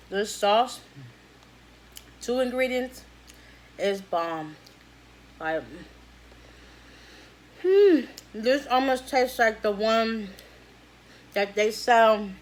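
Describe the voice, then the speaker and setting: A woman chatting casually while eating fried chicken for a vlog, slangy and relaxed, humming with pleasure between bites. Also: mid-range voice. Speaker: mukbang vlogger.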